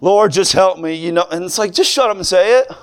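A young man preaching a sermon, moving from plain talk to fervent, shouted preaching. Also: high voice, a little fast, clean tone.

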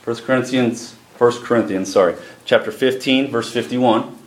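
A man preaching a sermon to a congregation, reading scripture slowly and leading prayer, with pauses for emphasis. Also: mid-range voice. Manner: slows and lifts his voice for emphasis, responsive to the congregation. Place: church sanctuary with congregation. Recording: echoey church room, faint noise.

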